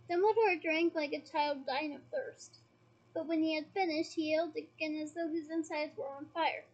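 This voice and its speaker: A woman's voice: sits high, steady tone, normal speed, highs cut off. A woman reading a novel aloud with dramatic expression and chatty asides to her listeners. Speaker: audiobook reader.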